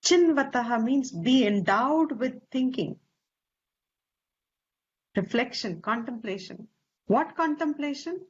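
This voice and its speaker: A woman teacher with an Indian English accent, explaining scripture slowly and deliberately, stressing Sanskrit terms and posing rhetorical questions. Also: high-pitched, lively intonation, husky. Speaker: Vedanta teacher. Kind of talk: slow scriptural class explanation. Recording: slightly dull lo-fi recording.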